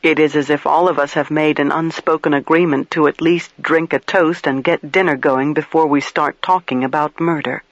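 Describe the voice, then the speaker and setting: A man's voice: fairly high pitch, steady tone, dry recording, muffled recording. Man narrating a crime audiobook. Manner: measured, storytelling. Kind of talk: scripted first-person narration.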